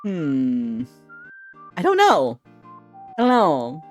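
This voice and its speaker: A young man chatting on a live stream as a VTuber, excitable, giggly and rambling, with a lot of laughter. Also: high voice, extremely slow, pauses often, soft background music. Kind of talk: casual live-stream chat.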